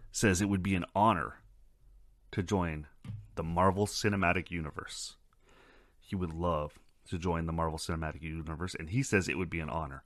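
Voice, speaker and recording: A man's voice: low voice, fairly bright tone, no echo, clean studio sound. A man hosting a casual podcast chat, swearing freely and wandering into rambling asides. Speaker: podcast host.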